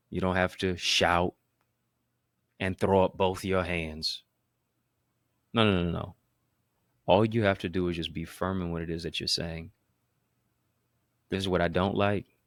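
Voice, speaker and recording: A low-pitched man, recorded with no room sound, gives a motivational talk on his own show. His cadence is emphatic and preacher-like, full of repetition and wordplay.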